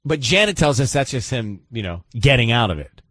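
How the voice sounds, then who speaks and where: Male radio host, lively pitch, playful teasing banter, dry close studio sound. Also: fairly quick, no echo. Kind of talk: radio talk show chat. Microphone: studio microphone.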